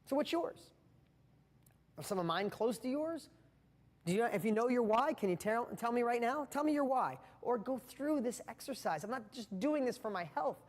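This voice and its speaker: A man's voice: very high voice, animated, moderate pace. Impassioned male motivational speaker, reverberant. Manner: impassioned, earnest, addresses the viewer directly. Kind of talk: motivational talk to camera.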